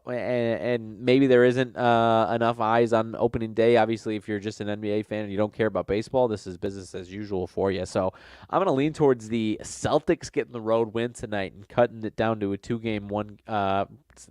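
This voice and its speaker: Low, nasal man talking betting picks. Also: fairly even intonation, moderate pace, darkish tone, smooth, dry recording, clean studio sound. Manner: rambling, frequent fillers and self-corrections. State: nasal from a cold. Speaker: sports betting podcast host. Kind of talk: casual solo sports betting talk.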